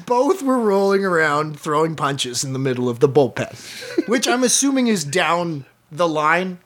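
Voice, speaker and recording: A woman's voice: low-pitched, sing-song, unhurried. A woman hosting a casual podcast who tells a story and laughs often as she goes. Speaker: podcast host.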